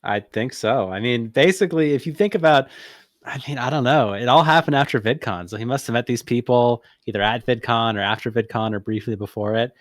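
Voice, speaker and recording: A man's voice: mid-range voice, a little fast, no echo. A man co-hosting a casual stream, chiming in with dry, matter-of-fact remarks. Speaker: co-host.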